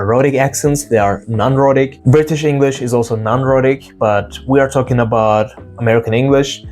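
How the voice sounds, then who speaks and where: A man giving a casual pronunciation lesson, explaining sounds and slowly repeating example words to demonstrate them. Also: mid-range voice, darkish tone. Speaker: English pronunciation teacher.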